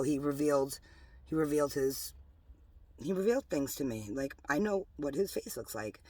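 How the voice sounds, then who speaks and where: A woman, rambling emotionally about her faith from inside a parked car, mixing loud bursts with hushed asides. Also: low-pitched, dry recording. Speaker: religious vlogger. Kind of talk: casual spiritual testimony to camera.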